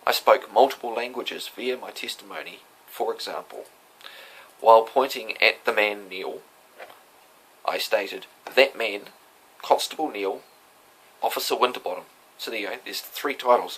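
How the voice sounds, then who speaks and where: A man's voice: lowish voice, fairly bright tone, husky, rough recording. A man talking casually and defiantly about his day in court, lecturing and emphatic. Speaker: self-represented defendant recounting a court hearing. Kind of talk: casual spoken monologue.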